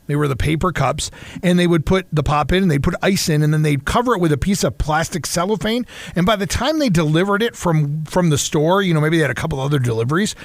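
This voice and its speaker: A man's voice: fairly high pitch, no echo. A middle-aged man from Michigan, co-hosting a talk show, chatting in a reminiscing, wry way. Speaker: co-host. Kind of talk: casual chat.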